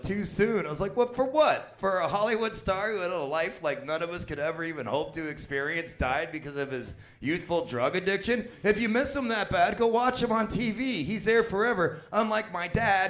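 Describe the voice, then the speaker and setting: A man in his fifties performing stand-up comedy in a high-pitched voice. He rambles, swears constantly and chuckles at his own punchlines. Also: a bit bright. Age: 50s. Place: small comedy venue with live audience.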